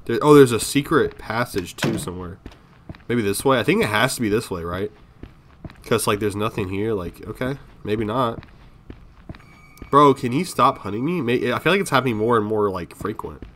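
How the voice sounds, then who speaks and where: A man with a fairly low voice gives loose, casual commentary while playing a horror game. He is jumpy and swears freely, muttering to himself and calling out to viewers. Faint noise sits under his voice. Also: expressive, moderate pace, a bit bright. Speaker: gaming video creator.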